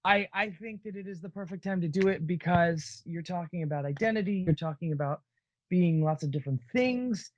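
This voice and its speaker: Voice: medium pitch, a little fast, a little mellow, dry recording. Podcast co-host, casual chat, rambling, dull lo-fi dry sound. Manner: rambling, enthusiastic, many restarts.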